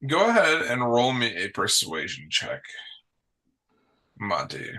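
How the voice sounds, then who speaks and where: A man narrates a tabletop game as its game master. He takes his time, with plenty of ums and uhs. His voice is low-pitched and bright, with a forceful ring. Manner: slow and relaxed, with many fillers.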